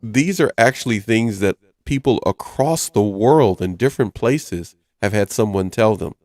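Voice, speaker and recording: A man's voice: on the low side, expressive, normal speed, a little mellow, no echo. A man hosting a casual radio talk show, reading items aloud in a chatty way. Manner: chatty, reads list items aloud, chuckles often. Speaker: host.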